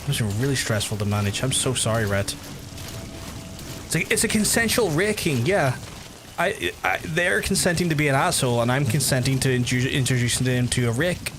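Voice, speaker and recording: A man's voice: medium pitch, animated, fairly quick, background noise. Profane, rambling male gaming streamer. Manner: rambling, profane, chatty, answers chat messages. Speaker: gaming livestreamer. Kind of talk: casual livestream chat while playing.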